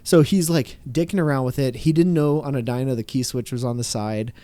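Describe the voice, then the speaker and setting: A man who is a mechanic, telling a story in a casual podcast chat, animated and swearing freely with laughs. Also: medium pitch, fairly quick, no echo.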